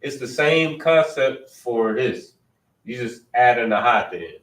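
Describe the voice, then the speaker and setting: A man's voice: medium pitch, lively intonation, unhurried, a bit bright. A man teaching an informal class, patiently explaining step by step and thinking aloud. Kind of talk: informal Hebrew grammar class. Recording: roomy, distant mic.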